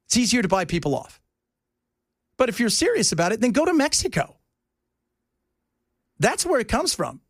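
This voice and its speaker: A man hosting a talk radio show, rambling in a casual, animated way from topic to topic. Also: very high-pitched, moderate pace, pauses often, dry recording, studio quality.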